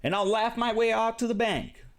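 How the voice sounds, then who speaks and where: A man's voice: sits high, normal speed. A young man giving blunt, profane reaction commentary, ranting casually as he reacts to clips. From Mexican-American, grew up near a casino. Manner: blunt and profane, animated rants.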